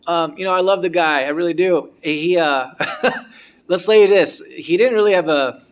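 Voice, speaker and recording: Man, slightly high voice, casual rambling storyteller with lots of restarts. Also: smooth. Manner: rambling, halting, with frequent restarts. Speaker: former guitar student.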